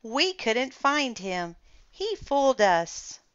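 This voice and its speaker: A crowd of excited storybook children, voiced by a woman who calls out in a raised, cheerful voice. It is louder and higher than her reading voice. The sound is smooth, clear and dry. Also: measured pace, no room sound, highs cut off, heavily acted.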